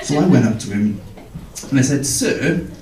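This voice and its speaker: A young man doing stand-up, telling school stories in an animated way, swearing freely and jumping into character voices. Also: mid-range voice, brisk. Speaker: stand-up comedian. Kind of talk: stand-up storytelling. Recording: roomy, distant, noisy stage recording.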